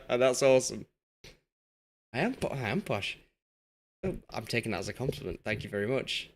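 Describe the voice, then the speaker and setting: A man's voice: lowish voice, very animated, a little fast, fairly bright tone, slight background noise. Chatty Yorkshire man streaming a game. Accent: Yorkshire English. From Yorkshire, England. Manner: chatty, self-deprecating, reads chat aloud. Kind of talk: casual live-stream commentary.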